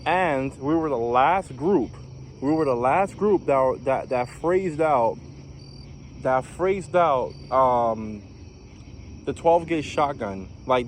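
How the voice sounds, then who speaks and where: A man's voice: on the high side, a little hiss or hum. Rambling young man from New York. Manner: rambling, many fillers and restarts. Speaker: vlogger, former navy recruit. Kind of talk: casual storytelling vlog.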